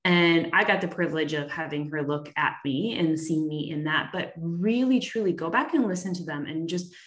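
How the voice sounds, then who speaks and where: A woman hosting a podcast, gently guiding listeners through a reflection exercise. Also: sits low, moderate pace, echoey room. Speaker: podcast host.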